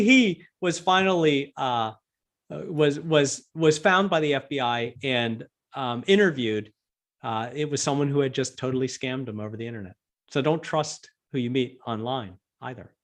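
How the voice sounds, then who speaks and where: A man telling a story with lively amusement, full of fillers and restarts, speaking remotely for a virtual event. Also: mid-range voice, measured pace. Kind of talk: animated storytelling.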